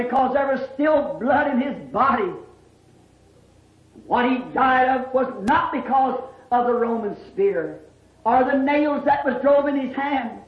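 A preacher giving an impassioned sermon, drawn-out and emphatic, bursting into shouts on key words. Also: sits high. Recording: dull, echoey old sermon recording.

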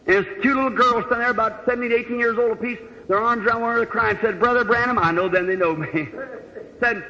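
Male preacher with a bright, forceful voice; folksy sermon storytelling; lo-fi old hall recording with long reverb. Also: very high voice, quick pace. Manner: folksy, plain-spoken retelling with quoted dialogue. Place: large hall with a live congregation.

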